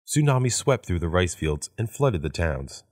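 A man with a very low voice reads each practice sentence in turn. His delivery is measured, with a wide, expressive pitch swing. The sound is close and dry. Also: no room sound. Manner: measured, repeats each sentence after the woman. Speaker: English phrase reader. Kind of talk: read-aloud of practice sentences.

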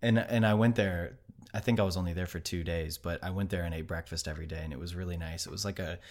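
A man's voice: low voice, steady tone, quick pace, a little mellow. An American man hosting a podcast, telling a travel story in a casual, rambling way with many fillers and restarts. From United States. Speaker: podcast host.

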